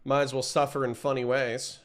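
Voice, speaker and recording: A man in his thirties hosts a morning livestream and rambles casually about whatever comes to mind. His voice is smooth and clean, and it sits at an ordinary middle pitch. He drifts loosely from one thought to the next and lets out a yawn every so often. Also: flat delivery, a little fast. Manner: rambling, chatty, yawning between thoughts. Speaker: streamer.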